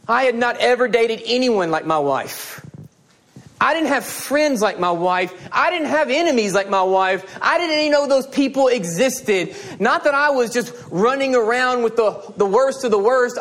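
Male pastor, higher voice, slow deliberate delivery, earnest pleading sermon style. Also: a bit bright. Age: adult with children and a wife. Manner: pleading, emphatic preaching with repeated appeals.

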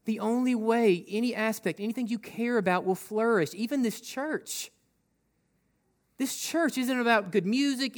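A man's voice: very high voice, fairly bright tone. A male pastor preaching a sermon in a conversational way, acting out quotes and asking the congregation rhetorical questions.

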